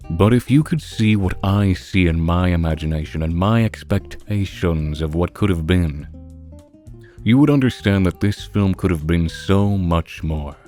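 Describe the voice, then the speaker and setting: A man's voice: low-pitched, dark tone. A man delivering an impassioned, opinionated critique of a film, earnest and ranting. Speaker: video reviewer.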